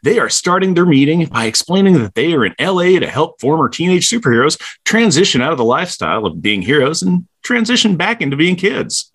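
A man's voice: a little high, very animated, brisk, few pauses, a bit bright, slightly rough. A man co-hosting a podcast, recapping a comic book story in a playful, jokey way. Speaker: podcast co-host.

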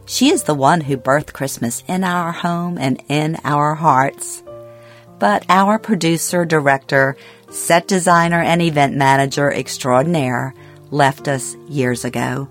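Low-voiced woman reading her memoir. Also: a little slow, soft background music. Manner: quiet and reflective, somber. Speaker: memoir narrator. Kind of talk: reading a personal memoir aloud.

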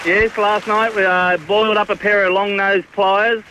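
A man's voice: high voice, level tone, normal speed, crowd noise, noisy background. A man calling into a radio show, matter-of-fact and chuckling. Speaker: caller. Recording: dull phone line.

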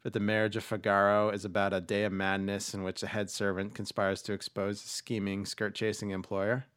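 This podcast host's lowish voice is monotone and brisk, a bit bright, clear and resonant, in a dry, studio-quality recording. He chats casually about movies, rambling with lots of fillers and restarts.

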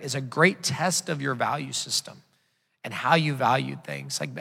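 A gravelly, bright-toned man in his thirties preaches a sermon in a conversational way and acts out stories with quoted dialogue. His voice sits a little high and rings with a long hall reverb. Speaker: pastor. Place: church sanctuary.

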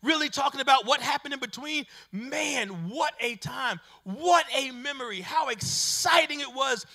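Male preacher, sermon cadence, very high tenor, bright and forceful tone. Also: animated, moderate pace, creaky. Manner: preacher cadence, rising into shouts. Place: addressing online viewers.

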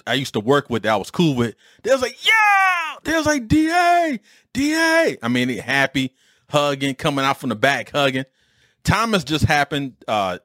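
Animated storytelling man, dry sound. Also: medium pitch, no echo. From Detroit, USA. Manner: animated, streetwise, swears mildly. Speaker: podcast host. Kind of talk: casual storytelling.

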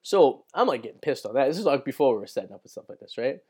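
A man's voice: medium pitch, big pitch swings, racing, darkish tone, breathy edge. A young man hosting his own show, telling a long story in a casual, rambling way, full of swearing and "right?". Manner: rambling, profane, fills with "right?" and "like". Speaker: podcast host.

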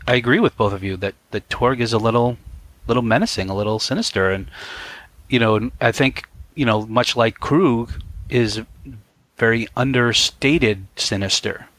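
A man's voice: mid-range voice, moderate pace, a bit bright. A man co-hosting a podcast, chatting casually and laughing often. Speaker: podcast co-host. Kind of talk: casual chat.

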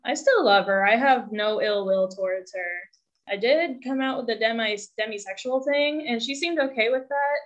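A woman's voice: a little high, normal speed. A young woman telling a personal story as a guest, candid and rambling, with self-deprecating humor. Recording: dull lo-fi sound.

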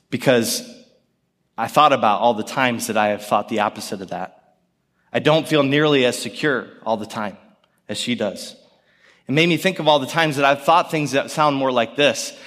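Earnest pastor preaching in reverberant hall. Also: male voice, mid-range voice. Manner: earnest, storytelling with gentle pauses. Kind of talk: sermon. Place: church sanctuary. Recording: long church hall reverb.

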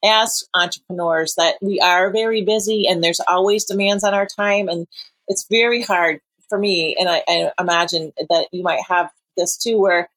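Encouraging woman podcast host, lowish voice. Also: fairly even intonation, moderate pace, no echo. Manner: warm encouraging, chatty with fillers. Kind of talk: casual interview chat.

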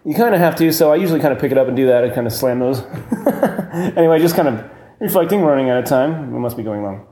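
A man's voice: mid-range voice, lively intonation, fast, warm tone. Rambling male caller, echoey voicemail. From Colorado, USA. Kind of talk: voicemail message.

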